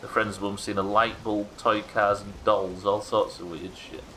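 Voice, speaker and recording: Guy streaming, fairly low voice, crude jokes and laughs, faint hiss behind. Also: level tone, unhurried, fairly bright tone, rough recording. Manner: crude, joking, laughs often. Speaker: game streamer. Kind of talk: casual live-stream chat.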